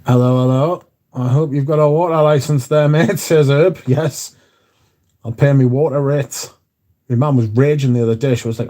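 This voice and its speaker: Man, casual livestream chat, swears a lot, warm relaxed voice. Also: medium pitch, normal speed. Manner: chatty, swears freely, reads out viewer comments. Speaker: livestream host reading chat.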